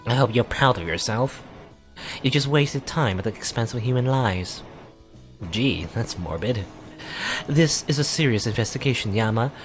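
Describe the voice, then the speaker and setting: A man's voice: medium pitch, animated, moderate pace, soft background music, close to an everyday voice. Elizabeth, a man doing a snappy, fiery schoolgirl. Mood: scolding. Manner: snappy, scolding, insulting. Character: hot-tempered serious teen schoolgirl, sharp-tongued. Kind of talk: reading a visual novel aloud.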